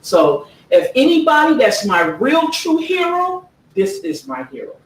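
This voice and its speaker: A woman author presenting her own book, reading passages aloud slowly and earnestly and checking in with listeners with "okay?". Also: mid-range voice, big pitch swings. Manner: earnest, slow emphatic reading, frequent "okay?" check-ins. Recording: echoey room, distant mic, faint background noise.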